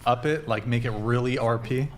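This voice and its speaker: A man's voice: medium pitch, normal speed. Guy hosting a podcast, blunt and teasing, swears a lot, mid voice, faint hiss in the room. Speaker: podcast host. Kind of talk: casual podcast chat.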